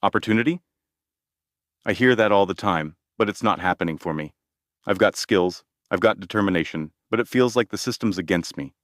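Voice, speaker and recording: A man reading the lines of a determined, frustrated young woman, in a sharp but steady manner. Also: lowish voice, a little fast, dry recording, clean studio sound, lightly acted. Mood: defiant. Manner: sharp, steady, pushes back.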